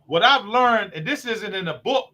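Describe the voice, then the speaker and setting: In a conversational talk show, the host, who runs a recovery program, earnestly describes what he does. He speaks in a high-pitched, animated voice with a sharp tone at a moderate pace.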